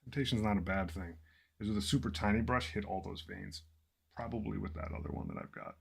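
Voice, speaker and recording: Gravelly man muttering while painting. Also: lowish voice, a little fast. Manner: relaxed, thinking aloud, self-deprecating. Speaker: miniature painting hobbyist. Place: small home office.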